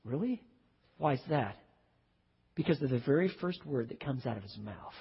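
A man preaching a sermon as pastor, swinging from hushed, slow passages to loud, urgent ones. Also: mid-range voice, expressive, vocal fry, husky, long reverb tail, highs cut off.

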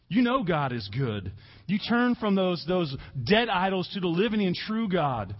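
Man, pastor, sermon, earnest, emphatic repetitions, high voice, a bit muffled. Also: big pitch swings. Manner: earnest preaching with emphatic slow stresses and repetitions.

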